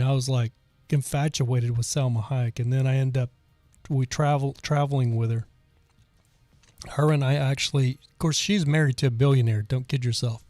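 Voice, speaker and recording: Rambling, mellow-voiced man telling a story. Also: medium pitch, no echo. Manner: rambling and digressive, with frequent restarts. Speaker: podcast host. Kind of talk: casual storytelling, reading chat comments.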